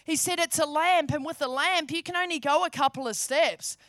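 Woman preaching, high voice, dry close sound, fervent and emphatic. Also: fairly quick, fairly bright tone, dry recording. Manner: fervent, emphatic, repeats phrases. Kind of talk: sermon.

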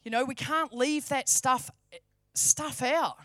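A woman's voice: sits high, slow pace, bright, forceful tone, no room sound, studio quality. A woman preaching a sermon, fervent and emphatic, repeating key phrases for stress.

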